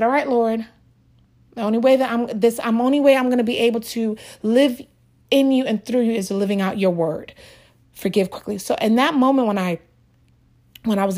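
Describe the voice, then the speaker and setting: A woman with a medium-pitched, darkish voice shares a personal faith testimony in a casual, earnest way. She's emotional and close to tears, restarting her sentences many times.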